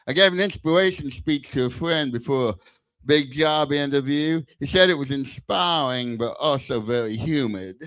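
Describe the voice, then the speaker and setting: A man's voice: fairly high pitch, fairly bright tone, dry recording. An older man, doing a crude, self-deprecating stand-up set into a handheld mic at a small bar open mic. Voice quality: lisp. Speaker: stand-up comic. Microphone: handheld stage mic.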